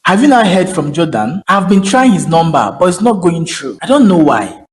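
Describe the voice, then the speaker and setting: A man's voice: sits high, very animated, moderate pace, a little hiss or hum, low-quality recording. A man voicing a concerned young friend in a cartoon, asking probing questions. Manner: probing, earnest.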